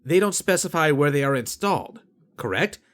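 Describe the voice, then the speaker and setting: A man playing a methodical young crewman, calm, precise, animated intonation. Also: fairly high pitch, normal speed, voice pushed up. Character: clever young man, precise crew accountant.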